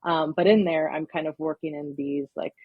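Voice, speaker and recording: A woman's voice: low-pitched, fairly even intonation, normal speed, husky, no room sound, highs cut off. A woman, a counseling intern, talking in a casual podcast interview, explaining at length with many verbal fillers.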